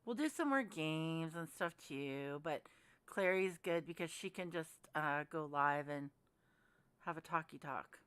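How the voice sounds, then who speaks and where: A chatty woman hosting a casual livestream, rambling as she talks to her viewers by name. Her voice sits a little low but sounds bright and clear, and her delivery is smooth and unhurried. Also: dry recording. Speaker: livestream host. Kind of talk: casual livestream chat reading comments.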